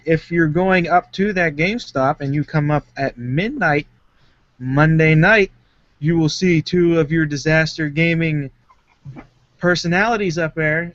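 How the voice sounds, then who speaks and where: A man's voice: fairly high pitch, fairly bright tone, dry recording. A man co-hosting a gaming podcast, telling stories casually. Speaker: podcast co-host. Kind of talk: casual chat. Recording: dry, muffled lo-fi.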